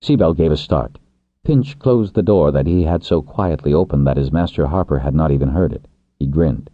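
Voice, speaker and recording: A man reads an audiobook in a very deep, husky voice, measured and low-key. His intonation moves widely within the lines. The recording is tinny and phone-like, dry with no room sound. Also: warm tone, no echo. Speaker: audiobook narrator. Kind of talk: scripted narration.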